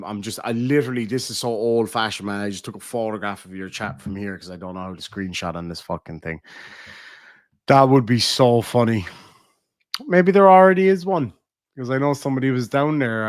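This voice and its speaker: A man's voice: mid-range voice, fairly bright tone, dry recording, clean studio sound. An Irishman with a Cork accent, chatting casually on a livestream and reading out viewers' messages, swearing freely as he talks. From Ireland. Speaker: livestream host.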